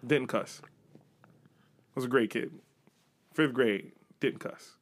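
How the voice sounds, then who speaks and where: A young man from Buffalo, co-hosting a podcast in casual chat, an animated storyteller who acts out quotes and swears freely. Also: mid-range voice, slow pace. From Buffalo, New York. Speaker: podcast co-host.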